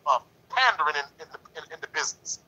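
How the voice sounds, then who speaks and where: A man's voice: fairly high pitch, sing-song, fast talker, pushed and bright, muffled recording. A man in a lodge discussion talking in a preachy, emphatic way, repeating himself and leaning on "you know". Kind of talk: passionate casual discussion.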